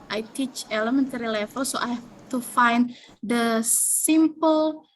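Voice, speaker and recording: A woman, an elementary English teacher, presenting her plans in an online class in a hesitant, halting way. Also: fairly high pitch, slight background noise, low-quality recording. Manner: hesitant, halting, many fillers. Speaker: elementary school English teacher, student in training course.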